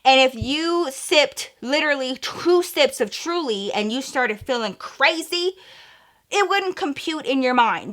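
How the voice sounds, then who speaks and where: A young woman with a bright, slightly high voice tells a story straight to her viewers. She talks in a loose, animated way, swears freely and keeps calling her audience "girl". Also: measured pace. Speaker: vlogger. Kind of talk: storytime vlog.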